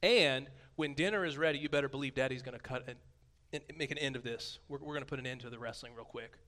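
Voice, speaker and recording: Bright-voiced man preaching, hushed to booming. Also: fast talker. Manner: conversational and playful. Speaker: pastor. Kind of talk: sermon.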